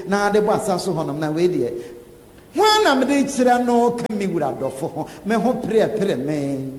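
A man preaching a sermon, animated and often laughing as he talks. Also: high-pitched. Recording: echoey hall with faint ambience.

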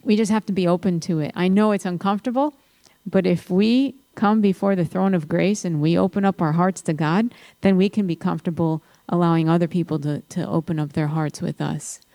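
A woman's voice: fairly low pitch, brisk, dark tone, no echo. A woman speaking earnestly about faith and love, preaching to listeners in a panel talk. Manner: earnest, exhorting. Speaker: Christian speaker.

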